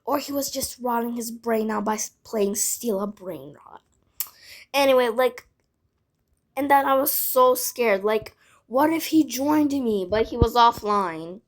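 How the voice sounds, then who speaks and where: Slow, rambling high-voiced female storyteller. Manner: rambling, filled with "like", frequent asides. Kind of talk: casual storytime vlog.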